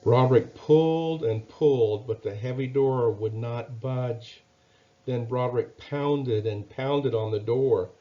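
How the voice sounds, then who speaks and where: A man reads a children's Bible story in a gentle, expressive way, pausing to ask the listener questions. His pace is slow and unhurried. The recording is dull and lo-fi. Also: mid-range voice.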